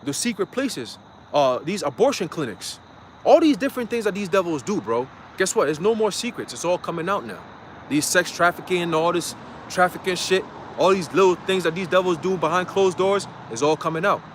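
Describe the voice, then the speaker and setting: A man's voice: high voice, animated, a little fast, slight background noise. A man preaching casually on a livestream from a parked car, blunt, profane and slangy, getting heated. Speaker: street preacher.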